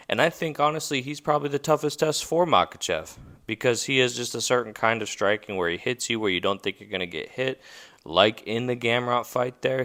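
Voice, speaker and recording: Low-voiced man rambling about fights. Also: fairly bright tone, smooth. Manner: rambling, filler-heavy, self-correcting. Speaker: podcast host. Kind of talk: casual fight preview chat.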